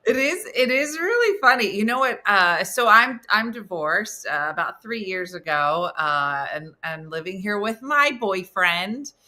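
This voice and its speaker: A woman's voice: medium pitch, expressive, unhurried, few pauses, pushed and bright. A woman hosting an interview, chatting casually and telling playful stories. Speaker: host.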